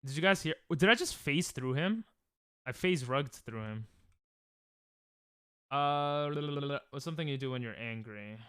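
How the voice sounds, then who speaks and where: A man's voice: mid-range voice, animated, moderate pace, a bit bright, smooth, no room sound. A young man chatting casually on a live stream while gaming, joking, laughing often and reading chat aloud from a close desk mic at home.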